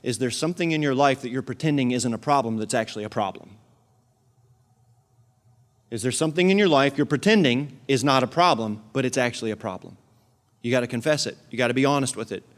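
Guy preaching, mid pitch, gets loud and punchy then drops quiet and earnest, keeps asking the room questions. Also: fast talker. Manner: swings between loud emphatic peaks and quiet earnest asides; asks the congregation direct questions. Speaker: pastor. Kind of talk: sermon.

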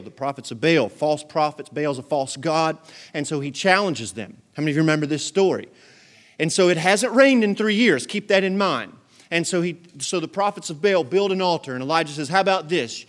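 High-voiced preacher, playful. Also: male voice. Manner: lively, joking storyteller who acts out quotes. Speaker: pastor. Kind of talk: sermon.

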